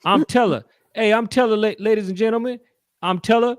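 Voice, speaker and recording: Man doing a brash showman, high, loud, boastful, shouted catchphrases. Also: a little fast, clear, resonant tone, no echo, clean studio sound, close to an everyday voice. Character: brash loud magician sidekick, adult man.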